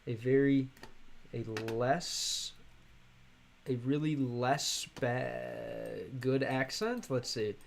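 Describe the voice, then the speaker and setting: A man's voice: medium pitch, very animated. American man streaming, chatting hesitantly. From United States. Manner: reads chat aloud, halting Russian, many fillers. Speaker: streamer learning Russian. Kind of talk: casual live-stream chat.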